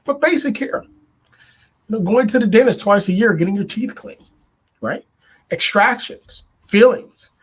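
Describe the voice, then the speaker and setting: A man hosting a podcast, giving a political commentary monologue in a deliberate way, building points with repetition and rhetorical questions. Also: high-pitched, expressive, husky. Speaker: podcast host.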